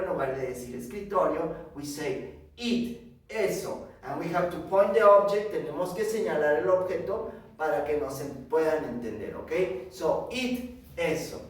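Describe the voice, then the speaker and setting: A man teaching English to young children, speaking slowly and emphatically, repeating each word and often checking with "ok?". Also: high voice. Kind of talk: bilingual classroom lesson. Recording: roomy echo, from far off.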